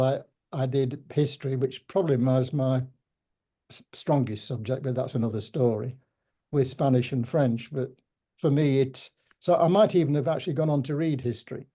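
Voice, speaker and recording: An older man with a Yorkshire accent, telling stories in a measured, reflective way with gentle humour during an interview. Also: mid-range voice. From Yorkshire, England. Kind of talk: reminiscing conversation.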